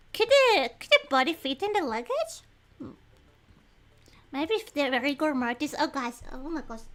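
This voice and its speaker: A woman streaming a detective game, chatting in a rambling, apologetic and excitable way as she reads clues and thinks out loud. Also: sits high. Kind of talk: casual livestream chat.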